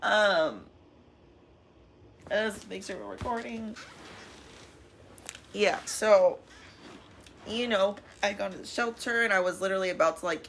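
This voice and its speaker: A woman's voice: mid-range voice, a bit bright. Young woman, candid vlog voice, rambling and emotional, faint noise behind. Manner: emotional, tearful at times, laughing through it; rambling with frequent fillers. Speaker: vlogger.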